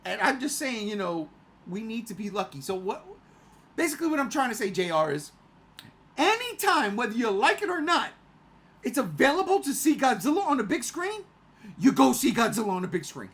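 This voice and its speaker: A man in his forties chatting casually as a podcast co-host. He rants with big swings from loud outbursts to low mutters, swears freely and laughs mid-sentence. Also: big pitch swings, fairly quick. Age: 40s. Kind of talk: casual chat.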